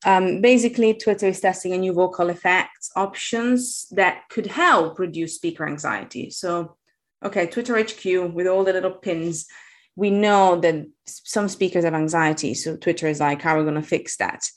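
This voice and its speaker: Italian woman, lively podcast co-host. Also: on the low side, moderate pace. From Italy. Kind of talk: casual podcast chat.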